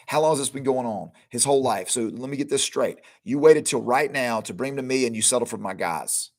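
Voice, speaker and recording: A middle-aged man hosts a podcast and gives a Bible teaching in a conversational, informal way. His voice sits at a medium pitch. He acts out the lines of the people in the stories he retells. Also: expressive, brisk, few pauses. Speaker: podcast host teaching scripture.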